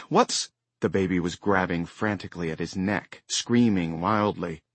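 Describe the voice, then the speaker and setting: Male audiobook narrator, measured delivery, low voice, dry close recording. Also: no echo. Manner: measured, even storytelling. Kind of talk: scripted narration. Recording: dry close studio sound.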